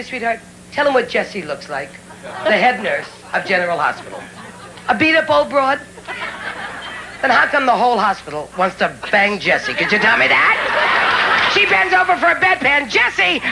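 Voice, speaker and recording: A woman's voice: a little high, background noise. A woman performing a live stand-up routine, brassy and teasing the crowd, with audience laughter behind her. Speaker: stand-up comedian. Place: comedy stage before an audience.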